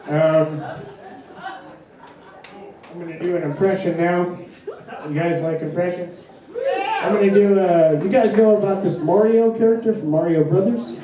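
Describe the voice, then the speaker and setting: A young male stand-up comic with a halting, deadpan delivery, slightly high-voiced and very slow. He is picked up from off-mic in a very echoey club. An audience can be heard laughing around him. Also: recorded from a distance, crowd noise. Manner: halting, deadpan with filler words. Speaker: stand-up comedian. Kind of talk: stand-up comedy set. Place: comedy club stage.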